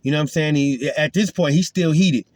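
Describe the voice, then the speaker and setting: A man's voice: fairly high pitch, brisk, no room sound, clean studio sound. A man giving an earnest, emphatic spoken testimony as a Christian, retelling a confrontation in casual talk.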